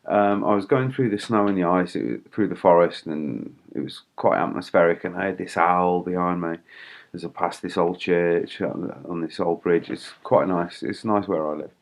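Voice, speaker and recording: A man's voice: deep voice, fairly even intonation, normal speed, gravelly. A man vlogging in a rambling, indignant way, swearing and laughing wryly between fillers. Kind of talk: casual ranting monologue.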